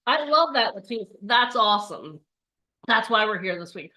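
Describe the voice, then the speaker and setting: A woman's voice: medium pitch, lively intonation, moderate pace, bright, forceful tone. A woman coaching an online bootcamp, talking in an upbeat, chatty way and acting out the voices of people's inner thoughts. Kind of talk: live online workshop talk.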